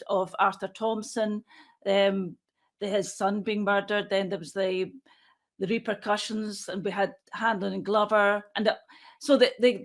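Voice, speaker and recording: A woman in her sixties, a forensic pathologist, answering interview questions in a measured, matter-of-fact way as she thinks aloud. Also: medium pitch.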